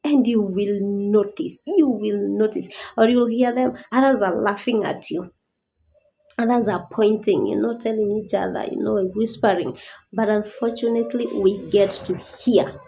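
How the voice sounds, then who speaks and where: A woman's voice: mid-range voice, normal speed, gravelly, mellow, slight background noise, low-quality recording. A woman giving a personal awareness talk as a disability advocate, earnest and pleading, rising to indignant questions.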